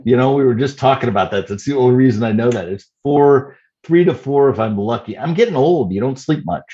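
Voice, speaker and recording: A man in his fifties, a startup CEO answering interview questions in a measured way with many "you know" fillers. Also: medium pitch, warm tone, lo-fi sound. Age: 50s.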